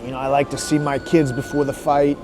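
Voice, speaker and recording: A man's voice: medium pitch, level tone, fairly quick, music in the background, poor audio. A professional boxer, a man, speaking plainly in a documentary interview, restarting words and leaning on fillers.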